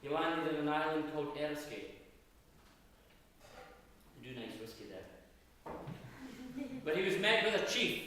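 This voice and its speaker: Scottish guy telling history like a story, fairly high voice, big echoey auditorium, mic way off. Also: sing-song, a little slow, long pauses, slight background noise. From Scotland. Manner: theatrical, swings from loud emphatic bursts to low hushed asides. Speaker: history lecturer. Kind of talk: dramatic storytelling lecture. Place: university auditorium. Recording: echoey hall, voice far from mic.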